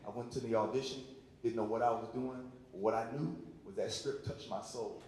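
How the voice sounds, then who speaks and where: A man in a loose, conversational storytelling manner, full of "um"s and repeated words. He is on a panel in a large hall, and heavy echo surrounds his voice. A faint low rumble sits underneath. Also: normal speed, darkish tone. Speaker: actor and teacher on a panel. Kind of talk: casual storytelling to a live audience. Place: large hall at a community event.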